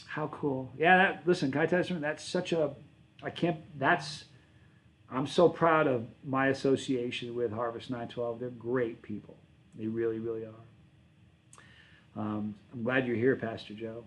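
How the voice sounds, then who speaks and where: A man hosting a relaxed livestream, answering his viewers' chat in a loose, rambling way. His voice sits at an ordinary middle pitch. He often stops and corrects himself mid-sentence. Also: moderate pace, rough recording. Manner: rambling, self-correcting, friendly. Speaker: channel host reading live chat.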